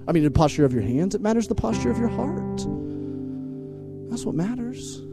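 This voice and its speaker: A man preaching a lively, humorous sermon as pastor, energetic and jokey, swinging from loud calls to hushed asides. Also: high-pitched, fairly quick, over music.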